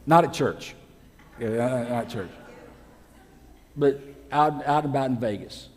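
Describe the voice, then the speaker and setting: A man, a pastor, preaching a lively sermon in a church sanctuary and acting out the voices of people he quotes. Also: mid-range voice, unhurried. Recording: long hall reverb.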